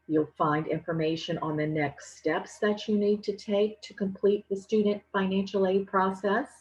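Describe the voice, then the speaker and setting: A woman giving a financial aid presentation, explaining each step clearly and patiently. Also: mid-range voice, darkish tone, rough recording. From Louisiana. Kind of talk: instructional presentation.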